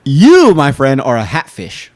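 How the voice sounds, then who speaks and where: A man's voice: mid-range voice, wildly swooping pitch, measured pace, a little mellow, no echo. A man hosting a casual comedy podcast, teasing his co-host and laughing often.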